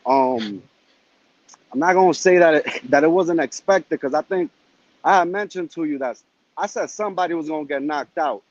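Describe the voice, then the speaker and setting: Animated male caller on muffled audio. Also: fairly high pitch, normal speed, no room sound. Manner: animated storytelling, street slang. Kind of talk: casual call-in chat.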